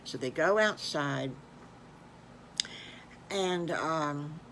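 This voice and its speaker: An older woman telling an improvised story to children, speaking in a halting, homey way. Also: low-pitched, fairly bright tone, a little hiss or hum. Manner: halting, with fillers and restarts, homey.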